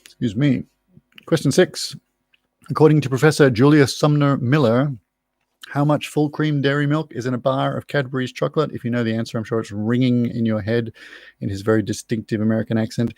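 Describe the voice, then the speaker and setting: A gravelly-voiced man reads out pub quiz questions and wanders into chatty, self-deprecating tangents. His voice sits in an ordinary middle range. The sound is close and dry with no room echo. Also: medium pitch, a little mellow. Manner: chatty, rambling, self-mocking asides. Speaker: quiz host. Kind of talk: live online pub quiz hosting. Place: room at home.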